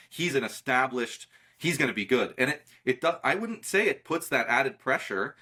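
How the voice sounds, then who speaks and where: A man with a bright, forceful tone, talking shop as a guest in a casual magic conversation. He is emphatic and insistent and often repeats words to push a point. His pitch sits in the middle of the male range. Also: slightly rough.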